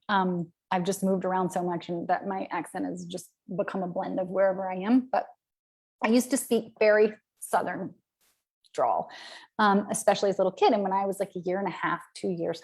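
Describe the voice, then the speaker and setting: A woman's voice: medium pitch, darkish tone. A woman from the American South, a business coach speaking in a casual live-stream talk, candid and chatty with many "right?"s and "um"s.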